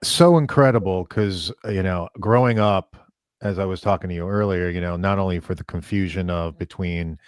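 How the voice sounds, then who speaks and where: A man with a very low voice co-hosts an interview. He talks with rambling enthusiasm and plenty of fillers. The sound is dry, with no room echo. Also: normal speed, clear, resonant tone. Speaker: podcast co-host. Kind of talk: casual interview conversation.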